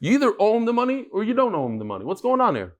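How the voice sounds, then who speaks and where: A man's voice: high-pitched, huge pitch swings, rapid-fire. A man giving a daily Talmud lecture, walking through cases with rhetorical questions and everyday examples. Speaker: Talmud teacher.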